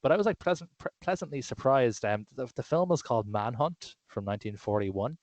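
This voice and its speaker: A man's voice: mid-range voice, lively intonation, a little fast, darkish tone, no room sound. A man co-hosting a podcast, chatting casually and enthusiastically about films, with many fillers and restarts. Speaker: podcast co-host. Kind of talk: casual film chat.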